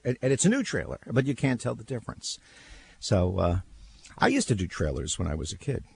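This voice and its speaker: An older man hosting talk radio, telling stories in casual chat with a husky voice and lots of repeated words. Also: medium pitch, a little fast. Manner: animated storyteller, repeats words, laughs.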